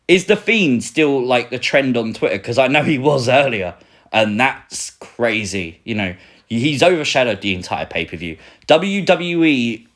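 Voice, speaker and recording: Excitable young British man streaming live. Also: mid-range voice. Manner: excitable, reads out viewer comments. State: recovering, a little sore. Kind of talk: casual live stream chat.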